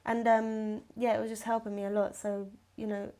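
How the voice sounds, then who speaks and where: Chatty young woman, slangy and relaxed. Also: fairly high pitch, moderate pace. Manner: chatty, swears freely, many fillers and slang. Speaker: podcast guest, songwriter. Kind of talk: casual chat.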